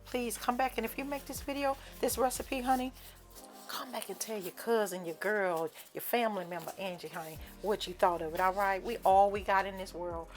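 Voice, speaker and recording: A woman's voice: medium pitch, brisk, faint music behind. A woman hosting a home cooking video in a folksy, playful way, calling her viewers honey and child and dropping preachy amens. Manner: lively, playful hype. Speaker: cooking channel host. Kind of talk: casual cooking video chat.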